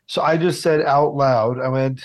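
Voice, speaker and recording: A man as a podcast guest, telling an animated, profane, self-deprecating story in casual conversation. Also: medium pitch, unhurried. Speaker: podcast guest, TV food host.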